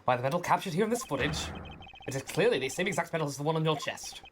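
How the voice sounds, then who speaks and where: A woman's voice: sits low, animated, rapid-fire, background noise. Woman reading as a cool young prosecutor.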